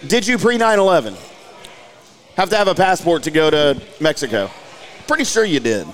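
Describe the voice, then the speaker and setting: Male sports-talk host, lively swinging pitch, fairly high, joking banter. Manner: joking, animated, quick to laugh. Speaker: golf podcast host. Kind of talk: casual sports chat.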